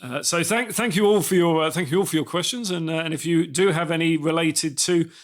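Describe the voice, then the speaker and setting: Man, slightly high voice, dry wit, podcast co-host, uh-filled casual chat. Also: a little fast. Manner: dry, wry joking with many fillers.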